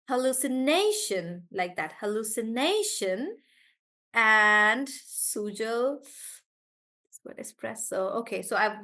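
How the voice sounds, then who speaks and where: A woman teaching English pronunciation in a live online class, slowing down and stretching words to show where the stress falls, and calling her students by name as she answers them. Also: fairly high pitch, bright, forceful tone.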